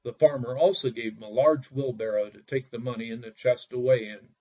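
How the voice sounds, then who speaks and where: With a medium-pitched voice and a brisk pace, a man narrates a bedtime fairy tale, doing lively character voices. The audio is dull and lo-fi.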